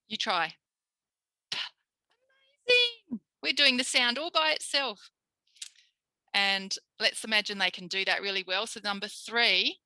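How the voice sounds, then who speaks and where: Bright, dry-voiced woman teaching speech sounds. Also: mid-range voice, no echo, low-quality recording. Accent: Australian. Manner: demonstrates speech sounds, coaxing and praising like with young children. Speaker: speech pathologist teaching a tutorial. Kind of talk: live online tutorial.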